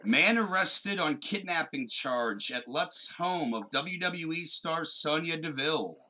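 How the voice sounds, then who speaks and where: A man co-hosting a podcast, animated and joking, swearing freely and dropping jokey asides. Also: on the high side, unhurried, rough recording. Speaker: podcast co-host. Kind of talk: casual chat and mock news reading.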